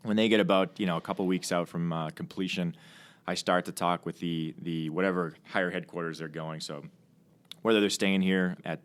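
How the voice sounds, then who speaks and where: A man with a very low voice talks fast as he tells a casual podcast story about flying. He keeps restarting sentences and fills the gaps with ums and you-knows, the way a Navy pilot chats with a fellow aviator. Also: fairly even intonation, clean tone. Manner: rambling with frequent restarts and fillers. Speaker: Navy fighter pilot and training officer. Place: podcast studio.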